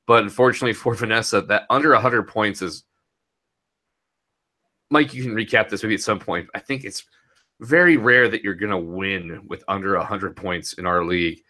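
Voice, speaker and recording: A man's voice: on the low side, moderate pace, pushed and bright. A young man talking casually and rambling a bit as he recaps a fantasy football week, laughing easily. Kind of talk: casual podcast chat.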